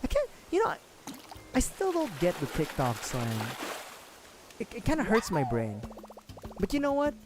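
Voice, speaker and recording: A man's voice: high-pitched, wildly swooping pitch, normal speed, pauses often, noisy background. A man streaming a video game, chatting casually and rambling, joking, swearing freely and laughing at himself. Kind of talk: casual gaming livestream chat.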